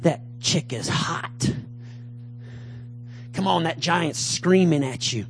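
A man preaching with fervent energy, his voice set high and his delivery slow and drawn out. He rises into loud calls and drops into low mutters as he acts out a taunting giant. Faint music plays behind him. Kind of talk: sermon.

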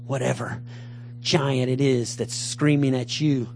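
A man preaching a fervent sermon, swinging between loud calls and low mutters as he acts out a taunting giant. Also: flat delivery, slow, soft background music.

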